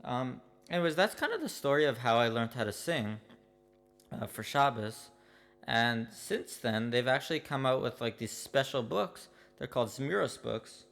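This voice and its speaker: Deadpan man telling a mock-earnest story. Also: mid-range voice, gravelly, big-room sound. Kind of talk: comedic personal monologue.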